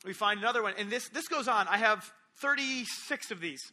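A man's voice: sits high, animated, brisk, pushed and bright. A young man preaching a sermon, retelling stories animatedly and acting out the quotes.

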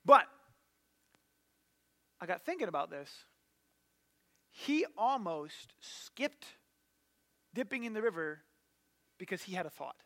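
A man's voice: high-pitched, sing-song, slow, pauses often, pushed and bright. A man telling a story as a pastor in a sermon, retelling it casually and with animation, with many filler words.

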